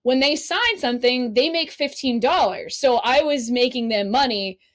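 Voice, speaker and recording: A woman guest on a podcast telling stories in a casual, animated way, laughing often and swearing freely. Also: sits high, normal speed. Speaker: podcast guest, cosplay model. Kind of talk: casual storytelling chat.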